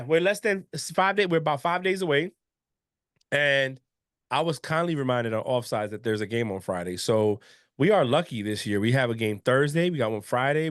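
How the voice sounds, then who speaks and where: A man's voice: mid-range voice, no echo, clean studio sound. Casual man hosting a sports podcast. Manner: relaxed, conversational, trailing restarts. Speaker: podcast host.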